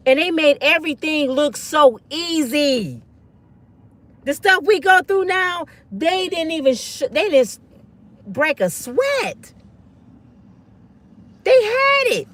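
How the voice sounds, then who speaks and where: A woman with a high, swooping voice tells stories in an animated rant, switching between sermon-style preaching and sassy asides. Her delivery is emphatic and full of energy. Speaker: host.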